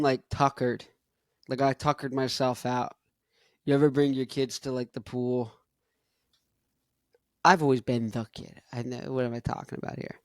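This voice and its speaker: A man's voice: medium pitch, no room sound, studio quality. A young man hosting a casual podcast, rambling in laid-back slang and chuckling between thoughts. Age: young adult. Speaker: podcast host. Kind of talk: casual chat.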